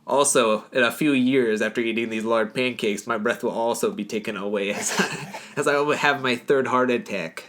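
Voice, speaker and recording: A man's voice: mid-range voice, a bit bright, lightly acted. A man putting on an Upper Midwest accent to play a lonely, rambling small-town man flirting at a diner. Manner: folksy, drawn-out, rambling.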